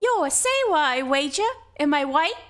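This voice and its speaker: A woman's voice: high-pitched, sing-song, normal speed, fairly bright tone. A woman voicing a lazy, folksy old male fisherman in a drawling rustic way. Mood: gruff warning.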